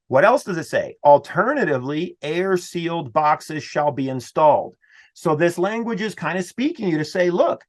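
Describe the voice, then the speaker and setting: A middle-aged man presenting a building-code webinar in a lively, conversational way that speaks straight to his listeners. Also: a little high. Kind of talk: webinar presentation over slides.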